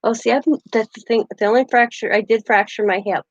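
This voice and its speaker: A woman's voice: on the high side, steady tone, brisk, no echo, dull audio. A woman hosting a casual craft livestream, rambling through stories and laughing often. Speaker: craft channel host.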